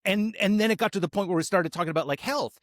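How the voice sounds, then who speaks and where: A man hosting a podcast who talks in a hesitant, halting way and laughs easily. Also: sits high, no room sound, clean studio sound. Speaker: podcast host. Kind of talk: casual podcast conversation.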